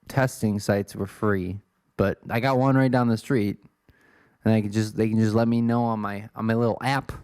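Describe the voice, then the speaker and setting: A man's voice: medium pitch, a little mellow, no room sound, studio quality. A man in his twenties from Illinois, hosting a solo podcast in a rambling, self-deprecating way. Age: 20s. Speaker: podcast host.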